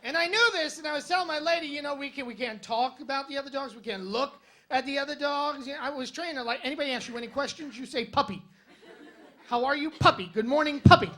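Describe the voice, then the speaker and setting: On a comedy club stage before a live audience, a male stand-up tells stories and punchy jokes in a wry, conversational manner. His extremely high voice moves quickly and sounds pushed and bright.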